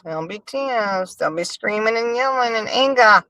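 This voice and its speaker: A woman runs a casual gossip livestream, serving up commentary to her chat in a sassy, animated way. Her voice is a little high, bright and forceful, with pitch that rises and falls all over, at a moderate pace. The recording is close and dry, with no room sound.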